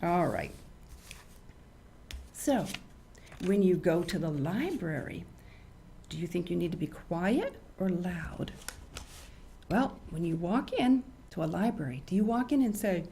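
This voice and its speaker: Older woman, children's storyteller, lively sing-song delivery, swooping pitch. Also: a little slow, creaky, pauses often, slight background noise. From United States. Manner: animated, sing-song storyteller, acts out loud and whispered voices. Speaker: children's show host. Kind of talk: reading stories to children. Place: studio.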